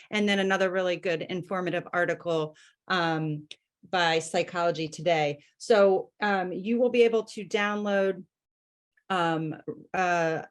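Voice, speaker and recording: A woman moderating an online education webinar over a video call, casual and full of fillers. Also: on the low side.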